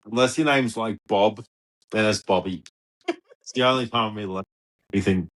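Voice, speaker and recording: A man's voice: fairly low pitch, moderate pace, fairly bright tone. An Australian man, the guest's partner, chatting casually in a hesitant, easygoing way. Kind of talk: casual chat.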